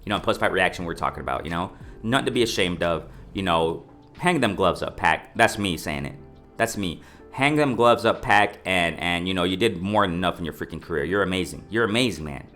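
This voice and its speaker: A man giving opinionated, casual boxing commentary to his viewers, emphatic and repetitive, often calling them ladies and gentlemen. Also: brisk, faint music behind. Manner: lively pitch swings, mimics others in raised voice.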